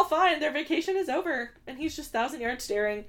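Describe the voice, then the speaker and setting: A woman's voice: high voice, animated, fairly quick, fairly bright tone. A young woman co-hosting a podcast, recapping a film in casual chat and acting out quoted lines in exaggerated voices. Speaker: podcast co-host.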